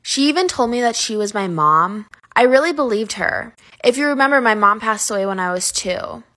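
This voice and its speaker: A woman telling a scary story from her own life to camera, in an earnest, steady way. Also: on the high side, normal speed.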